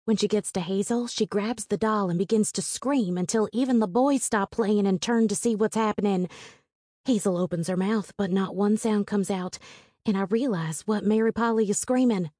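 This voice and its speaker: A woman reads a first-person story aloud in a calm, measured way. Her voice is of middle pitch and the recording is dry and close, with no room sound. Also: dry recording. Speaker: audiobook narrator.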